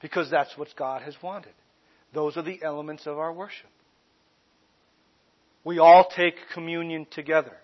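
A man preaches from the pulpit with a high, emphatic voice. He slows down to stress key phrases and raises his voice on the big points. The recording sounds a little dull and muffled. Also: fairly even intonation. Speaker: pastor. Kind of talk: sermon.

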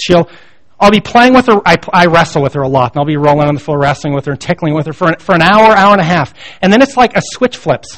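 With a high, slightly bright voice, a male pastor in his thirties delivers a sermon full of family anecdotes, speaking in a casual, self-mocking way.

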